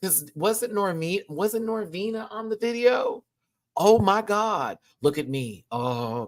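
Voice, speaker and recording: A woman chatting in a live review of a show, animated and gushing, laughing often. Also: low voice, measured pace.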